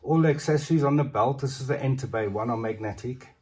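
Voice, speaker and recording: A man's voice: mid-range voice, fast, darkish tone, breathy edge. A man talking through his collectible figures in a casual, rambling show-and-tell vlog, often ending lines with "eh?". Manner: rambling and chatty, with tag questions like "eh?".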